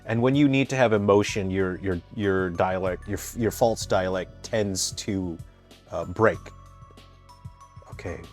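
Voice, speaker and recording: Low-voiced man commentating a game. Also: a little slow, soft background music. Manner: rambling, digressive, explains terms at length; frequent restarts and self-corrections. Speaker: game developer playing and commenting. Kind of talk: casual gameplay commentary.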